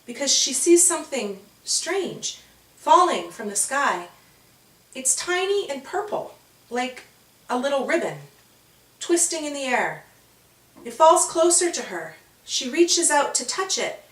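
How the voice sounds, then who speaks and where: A woman reading her own children's storybook aloud with expressive, animated storytelling. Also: high-pitched, echoey room, recorded from a distance. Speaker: author and storyteller.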